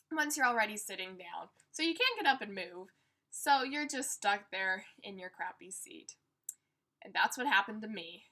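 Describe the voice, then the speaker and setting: Bright, chatty young woman vlogger. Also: mid-range voice. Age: young adult. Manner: chatty and self-deprecating, acting out her own panicked thoughts. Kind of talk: casual chat.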